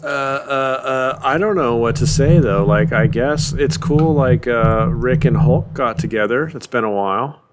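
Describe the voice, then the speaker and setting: A man making dry, wry quips in casual podcast chat. His middle-pitched voice comes through over clear background noise. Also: unhurried, hardly any pauses. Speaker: podcast co-host. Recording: noisy background.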